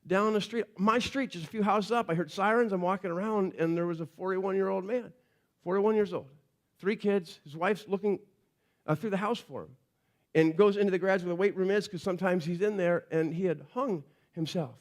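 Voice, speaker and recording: A male pastor preaching a sermon in a conversational storytelling way, often dropping to a quiet, earnest tone for emphasis. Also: high voice, fairly quick.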